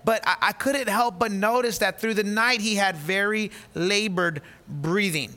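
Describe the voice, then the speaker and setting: A high, bright-toned man in his thirties preaches with an animated storyteller's delivery. He acts out the people in his story and stumbles over repeated words as he restarts, and his voice has a sharp edge. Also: unhurried. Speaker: pastor. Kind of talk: sermon storytelling.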